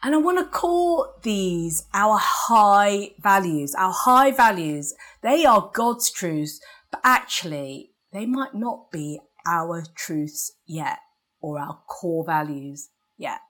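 An English woman delivers a sermon at an unhurried pace. Her tone is conversational, and she keeps asking the congregation for an amen. She often laughs lightly at her own asides. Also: mid-range voice, very animated, fairly bright tone. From England. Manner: conversational, asks the congregation for amens, laughs at herself. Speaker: preacher.

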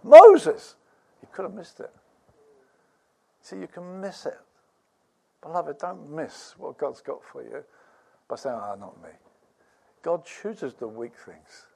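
High-voiced man preaching, loud then hushed. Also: a little slow, creaky, long pauses, husky. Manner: animated, dropping to near-whispers and rising to loud emphasis, laughs while preaching. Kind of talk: sermon.

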